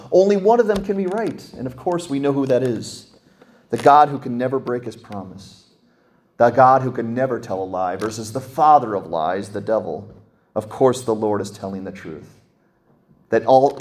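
A man preaching a sermon as a pastor, slowing and dropping soft on scripture, then rising sharply in pitch and volume to stress a point. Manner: slows down and drops to a soft low voice on scripture.

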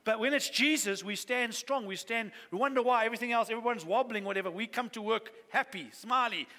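In a reverberant church hall, a high-voiced pastor delivers a sermon a little fast, with a sharp tone. He starts earnest and rises to fervent exhortation.

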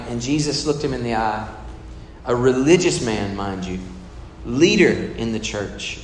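A man preaching a sermon in a conversational way, asking the congregation questions. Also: medium pitch. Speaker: pastor. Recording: echoey hall with long reverb, faint room noise.

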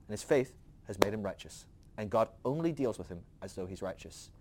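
A man's voice: medium pitch, darkish tone. A man hosting a podcast who teaches from the Bible in a casual storytelling way, laughing often.

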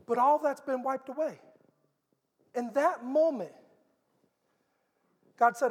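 A man's voice: very high-pitched, slow pace, pauses often, a little mellow, big-room sound. A middle-aged man preaching a sermon in an earnest, conversational storytelling manner.

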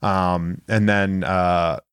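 Relaxed man in casual chat. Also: low voice, very slow, smooth, dry recording. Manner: laid-back, laughs, quotes characters. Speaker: podcast co-host.

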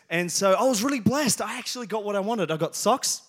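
A man's voice: high voice, expressive, brisk, few pauses, fairly bright tone. A man, preaching a sermon and telling funny stories to his congregation. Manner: joking storyteller, talks to the congregation by name. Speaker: pastor. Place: church hall with congregation.

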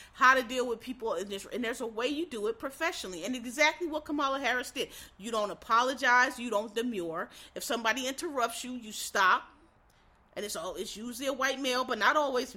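A woman with a bright, forceful voice sitting a little higher than most, talking straight to her audience in a casual monologue. She is blunt and emphatic and swears freely as she lectures. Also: breathy edge. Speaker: commentator.

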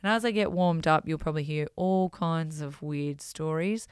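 A woman hosting a podcast, telling stories in an animated, self-mocking way and swearing freely. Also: deep voice, normal speed, smooth, dry recording, clean studio sound. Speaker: podcast host. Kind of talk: casual storytelling.

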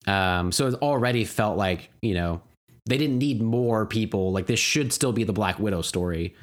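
A man's voice: fairly low pitch, normal speed. A man co-hosting a casual movie review podcast, rambling with lots of fillers and casual swearing. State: tired. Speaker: podcast co-host.

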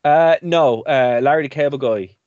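A man's voice: on the high side, normal speed, darkish tone, no room sound, highs cut off. A man hosting a radio and podcast show, chatting casually, rambling and laughing often. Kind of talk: casual chat.

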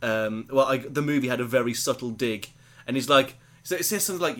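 A man's voice: medium pitch, a little fast, fairly bright tone. A man co-hosting a podcast, chatting eagerly about a film and retelling its scenes. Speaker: podcast co-host. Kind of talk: casual film-review chat.

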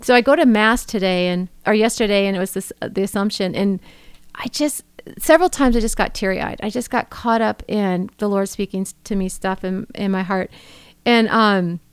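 A woman's voice: mid-range voice, moderate pace, clean tone, no room sound. A middle-aged woman co-hosting a faith podcast, talking in an earnest, emotional, rambling way with many restarts. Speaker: podcast co-host. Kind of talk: casual faith conversation.

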